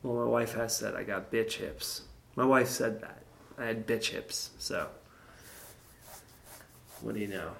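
A man's voice: on the low side, a little slow, creaky, pauses often, a bit bright, a little hiss or hum. A man hosting his own show, talking in a casual, rambling monologue full of crude jokes and asides to his listeners. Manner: rambling, jokey, crude humor, chats to listeners. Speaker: podcast host.

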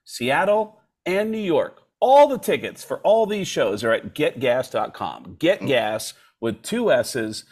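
A man, a comedian appearing as a podcast guest, telling stories in an animated, joking way. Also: mid-range voice, slow, few pauses. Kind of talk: casual podcast storytelling.

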